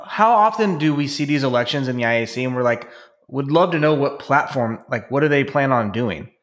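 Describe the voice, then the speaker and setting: A man co-hosting a podcast in casual chat, excitable and fond of swearing and playful mimicry. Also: medium pitch, fairly quick. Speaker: podcast co-host.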